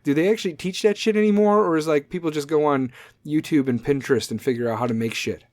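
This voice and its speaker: A man's voice: fairly high pitch, fast talker, darkish tone, dry recording, clean studio sound. A man in his forties hosting a solo comedic podcast, swearing constantly as he rambles in a sarcastic rant. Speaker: podcast host.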